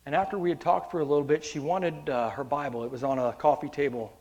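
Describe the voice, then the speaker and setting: A man preaching a sermon as pastor, addressing the congregation directly and moving between hushed storytelling and loud, impassioned preaching. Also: a little high, fairly even intonation, fast, highs cut off.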